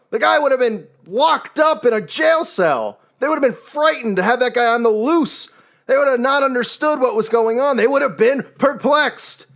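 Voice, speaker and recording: A man's voice: very high voice, creaky, fairly bright tone. A man delivering an exasperated, indignant religious commentary rant. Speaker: online commentator.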